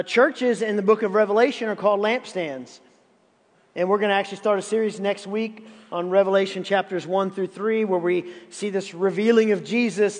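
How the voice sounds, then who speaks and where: A man's voice: sits high, long reverb tail. A man in his fifties preaching a sermon as pastor, emphatic and often repeating words to drive a point home. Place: church sanctuary.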